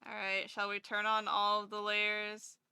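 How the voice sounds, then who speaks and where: A woman's voice: mid-range voice, completely flat delivery, a little slow, bright, forceful tone, clear, resonant tone, no room sound, studio quality. A woman streaming live and chatting casually with her viewers in a bubbly, gushing way. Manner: bubbly, chatty, gushing over cute things.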